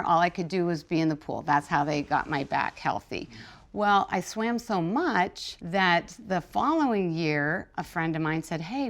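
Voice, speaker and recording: A middle-aged woman, a podcast guest, telling personal stories in a lively way and acting out the voices of others. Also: fairly low pitch. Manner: lively, animated when quoting others. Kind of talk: storytelling in a podcast interview.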